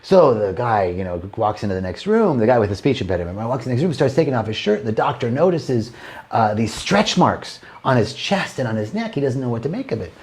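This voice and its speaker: A man's voice: medium pitch, very animated, a little fast, a little mellow. A man hosting a casual livestream and telling jokes to viewers, rambling and restarting lines and laughing at his own punchlines. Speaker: host telling jokes to a live online audience.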